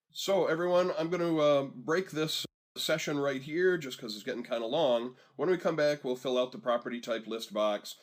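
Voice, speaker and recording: In a screen-recorded software tutorial, a medium-pitched man walks students through each step. His manner is relaxed and conversational, and he pauses so they can catch up.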